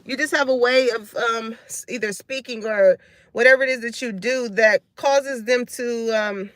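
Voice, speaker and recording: A woman's voice: fairly high pitch, steady tone, normal speed, fairly bright tone, no echo. A woman doing a live card reading and chatting with her viewers. She talks loose, slangy and frank, cusses freely, and laughs often. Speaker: tarot reader.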